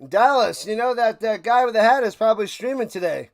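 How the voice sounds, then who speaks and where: A man hosting a live football reaction stream, calling the plays between sarcastic rants. His voice sits high with a gravelly fry. He swings from low mutters to sudden loud outbursts. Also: fairly quick, dry recording, studio quality. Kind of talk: live sports reaction and play-by-play.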